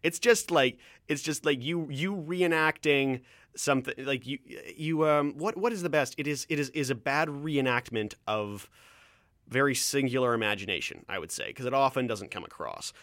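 A man's voice: medium pitch, moderate pace, fairly bright tone, no room sound, clean studio sound. A Canadian man from Ontario hosting a solo podcast, rambling through tangents with frequent restarts and a slight stammer. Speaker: podcast host. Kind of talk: casual solo podcast chat.

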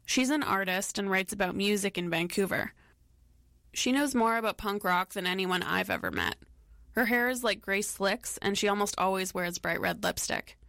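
A woman hosting a documentary, giving scripted narration in a measured, reflective way. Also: medium pitch, animated, vocal fry, fairly bright tone, no room sound, studio quality. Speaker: documentary host.

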